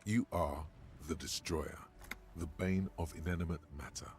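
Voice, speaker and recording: A man narrating a video game in a grave, deliberate voice. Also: low voice, fairly even intonation, darkish tone. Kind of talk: scripted narration.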